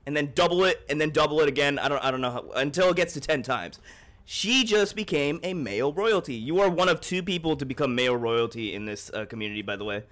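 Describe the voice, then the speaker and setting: A young man livestreaming a game in casual chat, excitable and joking as he thanks his chat. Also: on the high side, fast talker.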